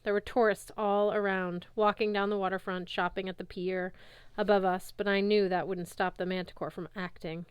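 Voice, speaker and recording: A woman reads a novel aloud in a steady, even storytelling way. Her voice is smooth and clear, and the recording is dry and close. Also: mid-range voice, normal speed, dry recording. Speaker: audiobook narrator. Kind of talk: audiobook narration.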